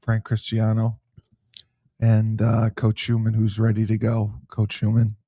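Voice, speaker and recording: A man hosting a political talk podcast, joking and bantering, sometimes mock-menacing in a hush. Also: on the low side, completely flat delivery, measured pace, breathy edge, dry recording, dull audio. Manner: jokey, mock-menacing hushed delivery. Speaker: podcast host.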